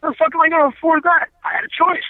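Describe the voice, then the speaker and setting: This former pro wrestler has an extremely high voice, delivered flat and rapid-fire on a dry recording. Calling in as an interview guest over a tinny phone line, he tells stories bluntly, profanely and emphatically in a casual storytelling chat.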